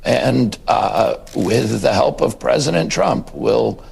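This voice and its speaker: A synthetic man's voice playing a brash male public health official in a fake press statement, blunt and declaring, raspy and gravelly. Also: medium pitch, very animated, slow pace, a little mellow, full character voice.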